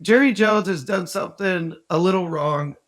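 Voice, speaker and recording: Male co-host, high-pitched, quick self-deprecating rant. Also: a bit bright. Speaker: podcast co-host. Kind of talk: casual sports podcast rant.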